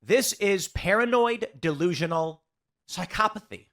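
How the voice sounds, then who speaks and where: A man's voice: high-pitched, animated, a little slow, a bit bright. A man giving sarcastic, mocking reaction commentary as a political commentator.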